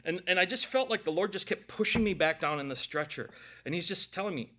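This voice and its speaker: A middle-aged male preacher with a somewhat high, sharp-toned voice gives a conversational sermon, animated and fairly quick. He tells jokey stories and speaks directly to the people in the pews.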